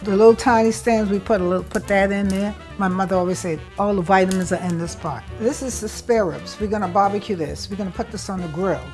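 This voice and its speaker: A woman's voice: medium pitch, quick pace, few pauses, a little mellow, soft background music. A woman from South Carolina with a Gullah Geechee accent, a chef and cookbook author talking casually and proudly while she cooks outdoors at a family cookout. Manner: homey, proud, explains as she works. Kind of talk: casual talk while cooking.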